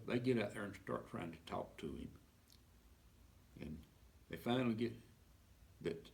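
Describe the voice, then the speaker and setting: Casting: male storyteller, gravelly, low, lively folksy delivery. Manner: folksy Southern storyteller with sound effects. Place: library event.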